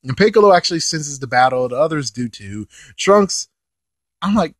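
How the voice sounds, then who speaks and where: A man giving casual episode commentary as an anime reviewer. He is animated, swears casually, and laughs while he talks. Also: a little high, moderate pace, no room sound.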